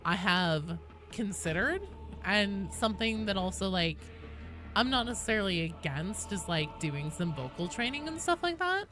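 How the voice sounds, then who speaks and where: A woman's voice: medium pitch, big pitch swings, normal speed, a bit bright, faint music behind. A young woman streaming a game, chatting casually with viewers in a forward, nasal voice and reading chat aloud.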